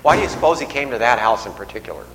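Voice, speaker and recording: A man's voice: mid-range voice, animated, very fast, a bit bright. A man preaching a sermon in a church, conversational, joking with the congregation. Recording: echoey hall, faint noise.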